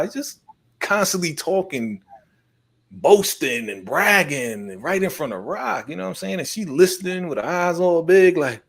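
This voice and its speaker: A man hosting a casual TV recap chat, lively and acting out characters' lines as he goes. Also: high-pitched, normal speed, gravelly. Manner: animated, acts out characters' lines. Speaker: host.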